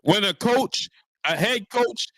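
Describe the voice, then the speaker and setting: A lively man riffs on sports news during a live stream, his pitch swinging up and down as he repeats lines for emphasis. His voice sits a little high for a man. The sound is close and dry, with no room around it. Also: slow pace, no echo. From New York. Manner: animated, preachy, repeats lines for emphasis, greets chat viewers. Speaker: sports talk show host. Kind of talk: casual live-stream commentary.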